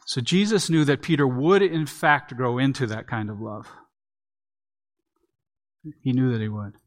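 A man giving a sermon from the pulpit, explaining a text verse by verse. He talks in a plain, conversational teaching manner and sometimes restarts a phrase, with a voice of ordinary middle pitch. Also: unhurried. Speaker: pastor.

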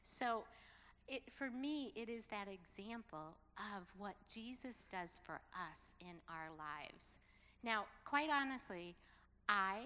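A middle-aged woman telling a personal story in a sermon, acting out the dialogue with lively emphasis. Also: mid-range voice. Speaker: preacher. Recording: long hall reverb.

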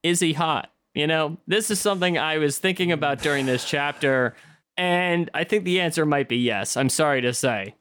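A man's voice: fairly high pitch, normal speed, a bit bright, a little hiss or hum. A man co-hosting a casual book discussion, playful with mock-formal asides. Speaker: podcast co-host.

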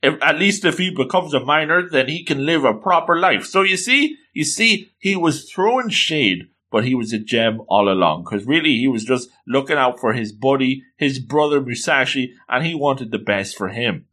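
A young manga recap narrator excitedly retells a story, his pitch swinging up into sudden high exclamations. He voices the characters' quoted lines in quick asides.

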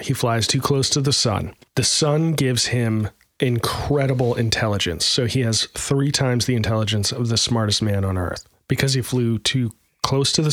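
A man co-hosting a podcast in a loose, rambling way, stumbling through fillers and poking fun at himself. His voice sits at an ordinary pitch in a dry, close recording. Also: a bit bright, no echo. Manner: rambling, self-deprecating, full of fillers. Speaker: podcast co-host. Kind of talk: casual chat.

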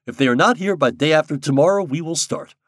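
A man voicing a hearty, bossy older gentleman who teases and boasts loudly. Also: quick pace, no echo, clean studio sound. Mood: jovial. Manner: booming, boastful, teasing.

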